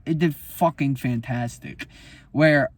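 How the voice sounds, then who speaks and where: A man's voice: medium pitch, takes it slowly, husky, no room sound. A man, a musician, talking about his album in a casual, profane, heated rant. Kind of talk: casual unscripted monologue.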